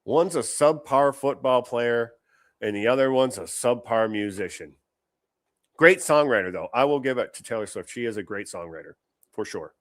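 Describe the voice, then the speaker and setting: A man's voice: medium pitch, animated, normal speed, dry recording, studio quality. A man hosting a show, giving blunt, opinionated reaction commentary on clips, swearing often and restarting his sentences.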